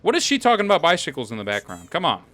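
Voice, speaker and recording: Brash, bright-voiced male streamer. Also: a little high, wildly swooping pitch, racing. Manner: brash, rambling, argumentative. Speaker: streamer playing a defense lawyer in a courtroom game. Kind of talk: improvised role-play banter.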